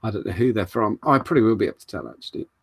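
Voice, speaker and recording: A man's voice: expressive, racing, gravelly, breathy edge, dry recording, clean studio sound. A British man co-hosting a casual chat show, joking and swearing freely. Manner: jokey and swearing, pitch swinging up and down. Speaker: co-host.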